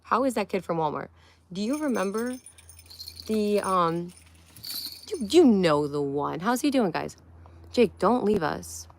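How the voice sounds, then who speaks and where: A woman's voice: mid-range voice, animated, measured pace, vocal fry, pauses often, slight background noise. A young woman from Connecticut hosting a casual livestream, chatting playfully and answering comments one by one. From Connecticut, USA. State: tired. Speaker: livestream host.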